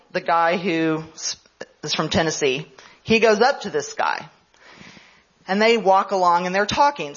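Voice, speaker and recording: A woman's voice: medium pitch, dull audio. A woman history professor giving a conference lecture, telling a story in a conversational way.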